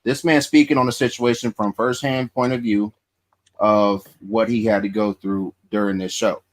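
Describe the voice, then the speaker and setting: A man's voice: on the low side, steady tone, normal speed. A man hosting a live stream, speaking earnestly and directly to his viewers in casual talk.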